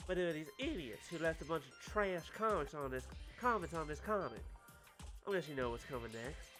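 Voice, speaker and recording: A man's voice: on the high side, animated, fairly quick, fairly bright tone, faint music behind. A man voicing a chatty young country girl who talks in a folksy rural drawl. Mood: confiding.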